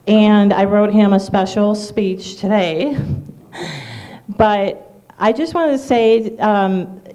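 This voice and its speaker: A woman's voice: medium pitch, warm tone, poor audio. Nervous woman giving a tribute speech. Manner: hesitant, with fillers. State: nervous, shaking. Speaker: speaker at a tribute event. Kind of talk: nervous speech, reading a letter.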